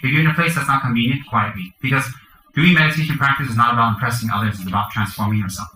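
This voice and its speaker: A man's voice: mid-range voice, racing, bright, forceful tone, roomy sound, a little hiss or hum, poor audio. A man, a Buddhist teacher, giving a dharma teaching to a group, chanting mantras and explaining the practice with joking asides.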